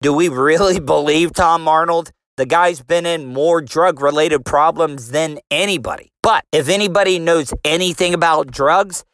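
A man hosting a casual solo podcast, talking in a loose, rambling way with jokes and swearing. His voice sits a touch high for a man and has the nerdy sound he describes himself. The sound is dry and close, with no room echo. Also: normal speed, hardly any pauses, fairly bright tone. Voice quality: nerdy voice, as he calls it. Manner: rambling, joking, profane. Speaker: podcast host.

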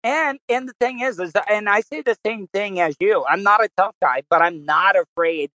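A man hosting a casual podcast, relaxed and chatty. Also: high voice, moderate pace, dry recording, lo-fi sound. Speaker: podcast host. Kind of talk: casual chat.

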